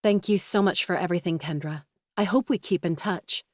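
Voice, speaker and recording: A woman voicing a shaken young woman writer who speaks softly and slowly, keeping a brave face. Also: on the low side, no echo, clean studio sound, close to an everyday voice. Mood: subdued.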